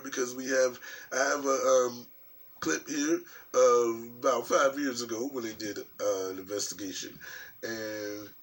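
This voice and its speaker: A man from New York talking in a casual, rambling commentary vlog, profane and animated, with frequent restarts. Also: mid-range voice. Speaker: vlogger. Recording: distant mic with faint background noise.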